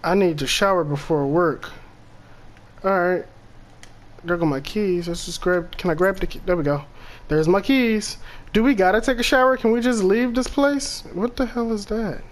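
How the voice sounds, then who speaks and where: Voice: medium pitch, moderate pace. A gaming channel host giving let's-play commentary on a horror game, jumpy and easily spooked, swearing often and talking to viewers.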